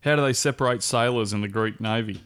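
A man's voice: fairly low pitch, fast, fairly bright tone. An Australian man co-hosting a podcast, telling jokes with dry delivery and frequent laughter. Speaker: podcast co-host. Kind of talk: telling jokes in casual banter.

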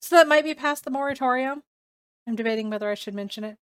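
A woman co-hosting a casual book podcast, animated and acting out her own reactions as she talks. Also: sits high, quick pace, smooth, dry recording, studio quality. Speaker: podcast co-host. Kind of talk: casual chat about books.

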